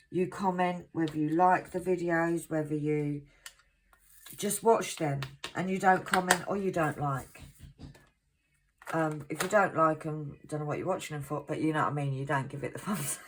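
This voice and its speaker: A middle-aged woman from England chatting casually to her viewers at home, self-mocking and quick to laugh. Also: low-pitched, a little hiss or hum. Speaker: craft vlogger.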